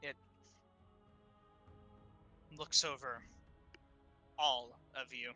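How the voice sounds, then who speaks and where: A man's voice: mid-range voice, fairly even intonation, very slow, pushed and bright, faint music behind. A man narrating as game master of a tabletop game, loose and laughing between scenes.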